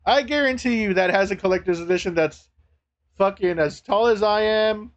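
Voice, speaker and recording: Excitable high-voiced male streamer. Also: normal speed, dull audio. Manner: laughs often, swears, excitable. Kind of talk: casual live-stream chat.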